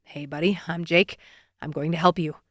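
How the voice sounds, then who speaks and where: A woman voicing a calm, steady adult male firefighter who talks in a low, quiet, even way in an audiobook. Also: normal speed, dry recording, clean studio sound, natural voice.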